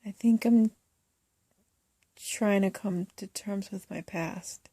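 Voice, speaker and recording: A woman filmmaker speaking in a soft, halting, hesitant way, in confessional documentary talk. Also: mid-range voice, breathy edge, no room sound. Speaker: first-time filmmaker.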